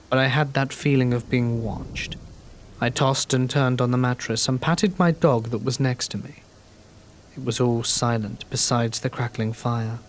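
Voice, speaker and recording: Man, horror story narrator, calm steady reading, medium pitch. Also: a little hiss or hum.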